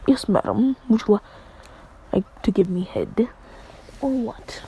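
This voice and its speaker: A woman's voice: medium pitch, big pitch swings, unhurried, dark tone, a little hiss or hum, poor audio. A woman voicing a crude, smug male vampire who is lewd and mocking, in a casual retelling. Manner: crude, offhand and teasing.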